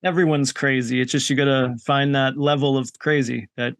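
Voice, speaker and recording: A man co-hosting a podcast, chatting in a relaxed, supportive way with lots of fillers. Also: medium pitch, brisk, no room sound, clean studio sound. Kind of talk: casual chat.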